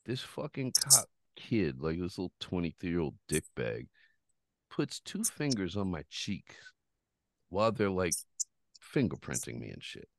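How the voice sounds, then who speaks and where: Low-voiced man telling a profane story. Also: unhurried, no echo. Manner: profane, rambling, animated retelling. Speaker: podcast host. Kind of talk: casual storytelling chat.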